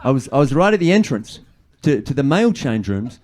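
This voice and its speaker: Self-mocking stand-up comic, lively delivery. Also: male voice, mid-range voice, fairly quick, crowd noise. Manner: rambling, self-mocking storytelling with repeated words. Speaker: stand-up comedian. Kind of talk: stand-up comedy set. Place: comedy venue with live audience.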